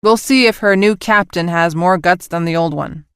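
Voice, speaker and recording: A man's voice: high voice, moderate pace, a bit bright, smooth, no room sound, clean studio sound. A woman voicing a stern, ruthless male fleet admiral who barks curt orders. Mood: commanding.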